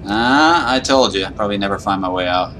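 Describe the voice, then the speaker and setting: A man's voice: lowish voice, animated, brisk, bright, forceful tone, a little hiss or hum. A man giving nervous, panicky running commentary while playing a horror game. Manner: nervous, panicky self-talk. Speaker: gaming YouTuber.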